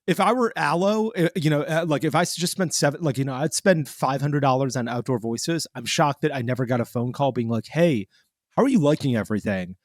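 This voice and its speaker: A man co-hosting a podcast talks in a loose, animated way, stumbling through fillers and restarts. His voice sits in a middle pitch and the recording is dry and close, with no room sound. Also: a little fast, hardly any pauses, no room sound. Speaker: podcast co-host. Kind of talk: casual podcast chat.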